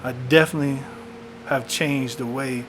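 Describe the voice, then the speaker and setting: A man's voice: mid-range voice, steady tone, moderate pace. Young guy doing a candid video diary, laid back, keeps saying man, music playing under him. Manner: candid, reflective, says "man" often. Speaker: vlogger documenting his illness. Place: in a parked car.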